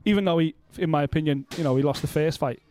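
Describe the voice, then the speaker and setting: A man's voice: a little high, quick pace, darkish tone, a little hiss or hum. A man co-hosting a podcast, chatting casually and bluntly about boxing with plenty of swearing and jokes. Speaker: podcast co-host.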